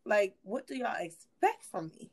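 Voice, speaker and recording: A woman from Virginia co-hosting a podcast in casual chat, animated and emphatic, laughing often. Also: medium pitch, moderate pace. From Hampton, Virginia. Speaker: podcast co-host.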